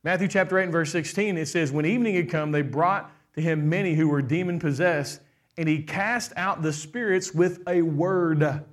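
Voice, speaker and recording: High-voiced animated male preacher. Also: moderate pace. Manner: animated preaching, acts out quoted voices, asks the crowd questions. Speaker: pastor. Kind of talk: sermon.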